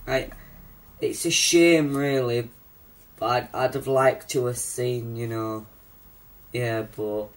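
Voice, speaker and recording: A man's voice: mid-range voice, steady tone, takes it slowly, long pauses. Hesitant young man hosting. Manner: hesitant, lots of ums and restarts. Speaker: host of a homemade talk show. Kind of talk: amateur comedy chat.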